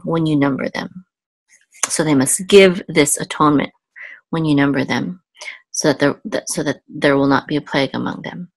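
A woman with a very low voice teaches biblical Hebrew, going word by word with patient, careful explanations. She pauses often with ums and restarts. The sound is dry and close, with no room echo.

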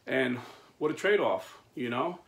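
A man in his fifties with plain-spoken, blue-collar phrasing, giving a casual preaching monologue as the host of a Catholic men's video. He tells stories in an animated way and chuckles while he talks. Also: mid-range voice, a little slow, creaky.

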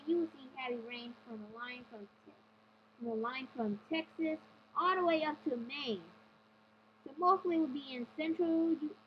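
A woman's voice: high voice, a little hiss or hum. A woman giving an amateur weather report off a map, hesitant and stumbling over place names. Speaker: weather presenter. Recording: dull lo-fi recording.

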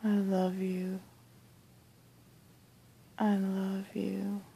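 A middle-aged woman talking softly in a bedroom at night, cooing affectionately and often half-whispering. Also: mid-range voice, monotone, very slow, gravelly, husky. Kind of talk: soft-spoken recorded monologue.

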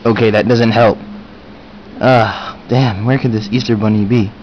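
A young man playing the lead in a home-made comedy film, goofy and deadpan. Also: on the low side, a little slow, highs cut off, slight background noise. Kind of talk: amateur comedy acting.

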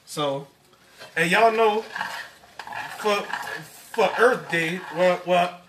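A man's voice: high-pitched, very slow, background noise. A man hosting a home cooking live stream, rambling casually and stumbling over repeated words. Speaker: cooking show host. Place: home kitchen. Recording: echoey kitchen, far from the mic.

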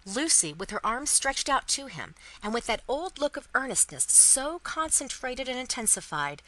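A woman narrating a classic novel in an expressive, dramatic storybook reading for English learners. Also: a little high, low-quality recording.

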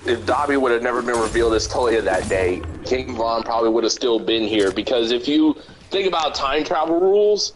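A man's voice: mid-range voice, expressive, a little fast. Laid-back teen guy joking around. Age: teens. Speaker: co-host. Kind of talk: casual chat. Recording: noisy home recording.

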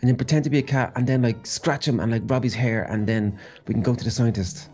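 Quick, mellow male role-player, eager. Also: mid-range voice, fairly even intonation, faint music behind. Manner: eager, repeats himself in bursts. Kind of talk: improvised game role-play.

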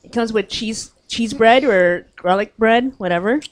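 A woman's voice: a little high, moderate pace, no room sound. A woman hosting a casual radio talk show, laughing and teasing as she tastes food. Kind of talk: casual food-tasting chat.

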